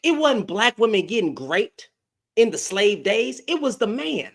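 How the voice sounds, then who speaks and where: Animated, ranting male commentator. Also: high-pitched, a little slow, gravelly. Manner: heated, slangy, loud bursts and laughs. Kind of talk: casual reaction rant.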